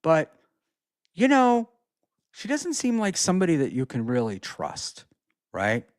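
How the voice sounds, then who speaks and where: A man's voice: medium pitch, huge pitch swings, normal speed, dry recording, clean studio sound. A man hosting a casual solo livestream, reading out chat messages and reacting in a rambling, profane way with lots of fillers.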